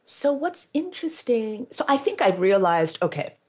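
A woman founder telling her story in an interview, animated and emphatic, laughing often and swearing now and then. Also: on the high side, normal speed, breathy edge. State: near tears at times. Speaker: beauty brand founder.

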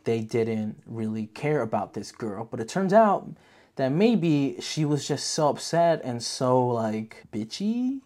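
A vlog host giving a casual movie review, talking in an animated, profane way full of filler words. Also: medium pitch, slow.

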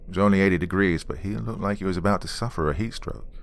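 A man with a very deep, low voice tells a true story from his days as a police officer. His delivery is dry and matter-of-fact, with wry dark humor. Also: fast talker, gravelly, a little hiss or hum. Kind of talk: storytelling narration.

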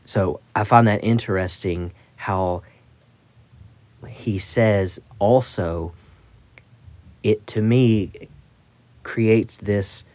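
A man's voice: fairly low pitch, drawn-out words, long pauses, a little mellow, no echo. A man hosting a Bible study podcast, teaching scripture in a thoughtful, musing way with frequent restarts.

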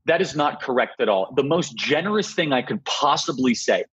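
A man's voice: medium pitch, expressive, a bit bright, husky, lo-fi sound. A young man arguing emphatically as a guest in a political interview. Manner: emphatic, rapid argumentative delivery.

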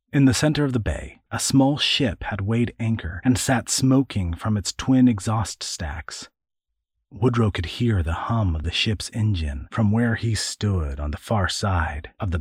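A man narrating a storybook adventure in a measured, storytelling voice. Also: on the low side, husky, dry recording, clean studio sound. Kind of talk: audiobook narration.

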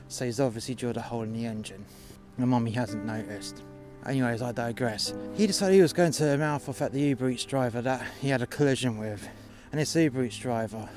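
A man telling a work story in a blunt, mocking, profane way. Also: mid-range voice. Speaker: podcast storyteller. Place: outdoors in freezing cold.

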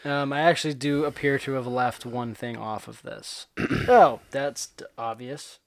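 A man in casual chat on a movie podcast, relaxed and agreeable, with some easy teasing. His voice has an ordinary middle pitch. The sound is dry and close to the mic. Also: measured pace, gravelly, dry recording.

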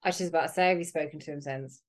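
A woman's voice: sits low, fairly even intonation, rapid-fire. A woman hosting a podcast, chatty and reflective, with lots of filler words. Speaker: podcast host. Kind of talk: casual interview chat.

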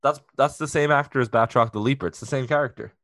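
A man co-hosting a podcast, chatting casually and excitedly about a TV episode, joking a lot and saying "like" often. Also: medium pitch, fast talker, dry recording, studio quality. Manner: excitable and jokey, with many "like" fillers. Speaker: podcast co-host. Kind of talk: casual chat reviewing a TV episode.

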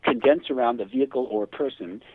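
A man being interviewed as a hypnotherapist guest, telling cases in a lively way and acting out the quoted speech. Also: mid-range voice, quick pace, dry recording. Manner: animated, acts out quoted dialogue. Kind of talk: phone interview storytelling. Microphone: telephone. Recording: tinny dry phone line.

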